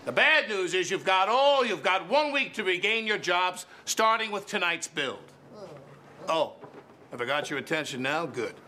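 Winter's Breath, a brutal elf boss. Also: male voice, high-pitched, lively intonation, moderate pace, bright, forceful tone. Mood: berating. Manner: barking, insulting tirade. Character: ruthless male elf sales boss from head office. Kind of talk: sketch comedy acting. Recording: played clip with clear background noise.

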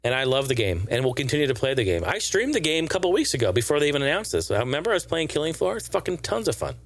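A man's voice: on the high side, big pitch swings, racing. A man giving casual, profane and sarcastic gaming news commentary in a rambling way.

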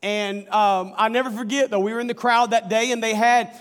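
A man preaching a sermon, telling a story with animated, folksy asides to the congregation. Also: high voice, a little fast, clear, resonant tone, long reverb tail. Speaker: pastor.

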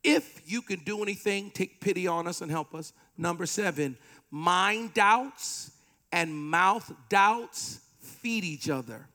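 A man preaching a sermon with animated delivery, playful asides and call-and-response with the congregation. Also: high-pitched, slow. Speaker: pastor.

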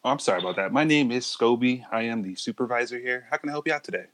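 Man doing a smarmy supervisor, prank call, condescending, patronizing, bright forceful tone, lively pitch. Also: natural voice. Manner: patronizing, slow and soothing, then insulting. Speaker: prank caller in a put-on character.

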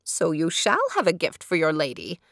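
A woman reading a storybook, giving a cheerful, thrifty old peasant woman plain, contented lines in her own lowish voice. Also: wildly swooping pitch, moderate pace, creaky, fairly bright tone, no room sound, studio quality, heavily acted.

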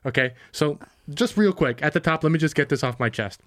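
A man's voice: fairly high pitch, animated, brisk, a bit bright, no echo. A young man co-hosting a casual podcast, rambling in a goofy, crude way about a movie. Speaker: podcast co-host.

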